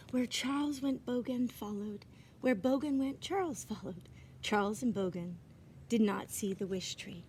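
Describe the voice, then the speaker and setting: A woman reading a children's storybook aloud outdoors, gentle and expressive, sometimes dropping into whispered asides. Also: fairly high pitch, moderate pace, slight background noise. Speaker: reader. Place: outdoors in winter. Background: birds chirping.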